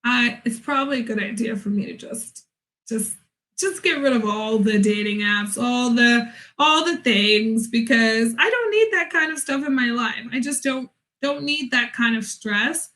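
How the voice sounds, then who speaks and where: A young woman vlogging casually from home, telling a story in a lively way and acting out both sides of conversations. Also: a little high, a little slow, poor audio.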